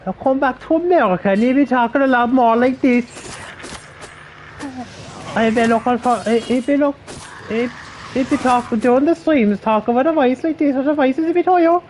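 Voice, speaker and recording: A man putting on a high, sing-song Cork accent, lifting every sentence up like a question. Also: moderate pace, darkish tone, slight background noise, rough recording. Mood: playful.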